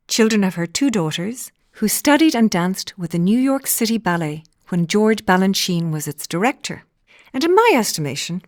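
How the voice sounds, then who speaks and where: A woman's voice: mid-range voice, dry recording, studio quality. A woman hosting a podcast, delivering a flowery, theatrical scripted introduction. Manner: ornate, theatrical, wordplay-loving delivery. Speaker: podcast host.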